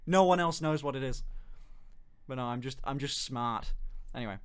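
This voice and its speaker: A young man with a Birmingham accent, hosting a casual stream chat, animated and quick to laugh and swear. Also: medium pitch, clean tone. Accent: Birmingham English. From England. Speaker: streamer host.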